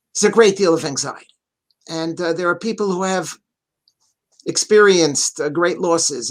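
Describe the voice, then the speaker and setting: Earnest, emphatic rabbi on a video call. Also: male voice, fairly high pitch, a bit bright. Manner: earnest, emphatic, repeats key phrases, reads Hebrew then translates. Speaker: rabbi, guest teacher. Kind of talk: Torah talk in an online interview.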